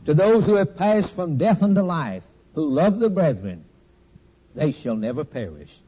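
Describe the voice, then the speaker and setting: A man's voice: fairly high pitch, sing-song, a little slow, warm tone, slightly rough, lo-fi sound. A man preaching a sermon with a cadenced delivery, repeating a falling refrain at the end of each point.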